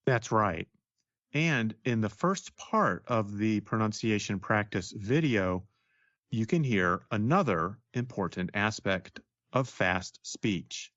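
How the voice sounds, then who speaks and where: Guy co-hosting an english podcast, slow and animated, dry dull-ish sound. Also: on the low side, no echo. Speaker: co-host. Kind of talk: scripted educational podcast.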